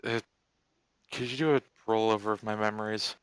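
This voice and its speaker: A man's voice: fairly low pitch, steady tone, fairly quick, smooth, no room sound, poor audio. A man playing a tabletop game, casually describing his character in the third person. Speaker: player. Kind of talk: tabletop role-play.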